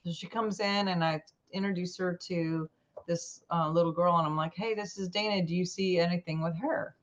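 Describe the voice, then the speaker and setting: A woman guest in an interview telling a personal story in an animated way, acting out the lines of the people in it. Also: lowish voice, normal speed, muffled recording. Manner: animated, acts out quoted dialogue.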